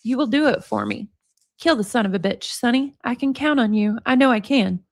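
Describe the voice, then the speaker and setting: Brooding disturbed man, read by a woman: flat, tired monotone. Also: fairly high pitch, brisk, no echo, natural voice. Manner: thick, quiet, tired monotone. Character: disturbed, sweating man demanding a killing. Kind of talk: dramatic reading on a livestream.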